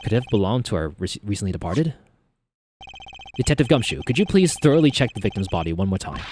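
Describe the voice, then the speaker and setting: A man voicing a stern young male prosecutor in a put-on British accent, formal and measured, dubbing a game as he plays. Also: on the low side, sing-song, a little mellow, a little hiss or hum. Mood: cool deduction. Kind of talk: fan voice-over while playing.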